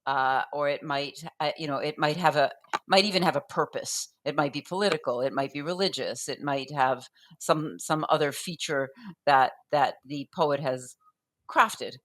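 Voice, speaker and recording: Low-voiced woman explaining poetry. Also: normal speed, fairly bright tone, slight background noise. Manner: thoughtful, with frequent restarts and fillers; taps out rhythms aloud as da-dum. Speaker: poetry guest explaining poetic form. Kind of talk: conversational explanation.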